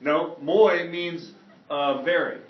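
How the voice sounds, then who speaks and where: A fairly high-pitched man moves at a slow pace through a Spanish grammar lesson for his class. Lively in manner, he checks understanding often. Audio is distant and dull, with classroom echo.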